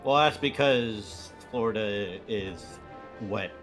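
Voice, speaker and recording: Jokey man with mid pitch. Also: slow pace, a bit bright, faint music behind. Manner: jokey, drops into silly accents. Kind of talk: casual chat on a game stream.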